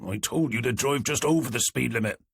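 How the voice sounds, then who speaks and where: A man's voice: mid-range voice, a little fast, vocal fry, fairly bright tone, breathy edge, no room sound, clean studio sound, pitched above the performer's own voice. A man voicing a small, balding, short-tempered crook who snaps threats and uses coarse slang. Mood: curt, commanding.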